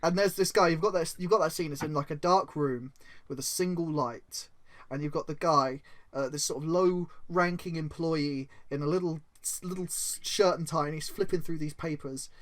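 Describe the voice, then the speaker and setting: A man hosting a casual podcast, improvising a story in an excitable, rambling way. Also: on the high side. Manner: excitable, rambling, quick to laugh. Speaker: podcast host.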